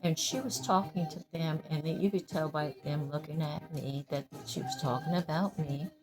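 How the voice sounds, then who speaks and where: A woman's voice: deep voice, moderate pace, music in the background. An older woman casually telling personal stories in a rambling way, laughing often and restarting her sentences. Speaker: storyteller sharing memories.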